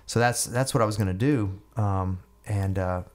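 A man's voice: fairly low pitch, moderate pace. A middle-aged man, a guest musician, telling stories casually and often repeating and restarting words. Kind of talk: casual storytelling.

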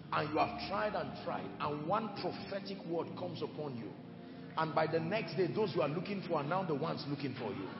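A man preaching a sermon with emphatic delivery, moving between shouted lines and hushed ones. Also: high-pitched, creaky, highs cut off. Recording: echoey hall with music behind.

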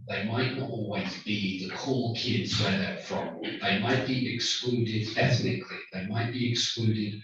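A male guest lecturer talks to his audience in a chatty, joking manner, slipping in Korean phrases. His voice sits mid-range and booms around a large, reverberant hall. It was picked up from far away and sounds a little muffled. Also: measured pace, few pauses, a crowd in the background. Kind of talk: public lecture. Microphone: microphone, far from the recorder. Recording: echoey distant dull hall recording.

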